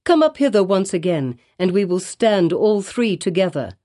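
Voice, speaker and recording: A woman's voice: medium pitch, big pitch swings, normal speed, dark tone, lightly acted. A woman reading an audiobook, voicing a guilt-ridden male colonial minister who speaks in solemn, archaic formal speech. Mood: grave, tender.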